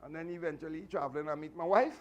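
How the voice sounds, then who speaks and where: A man's voice: on the high side, quick pace. Chatty Trinidadian man telling stories. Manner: animated, chatty, laughing asides. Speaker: martial arts instructor. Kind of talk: storytelling speech to a class.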